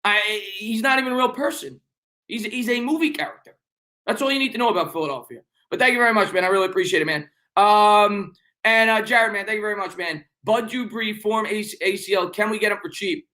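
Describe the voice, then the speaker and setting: His voice is high-pitched, pushed and bright: a young New Yorker running a sports live stream. He reads out viewer comments quickly, rambling, joking around and repeating himself.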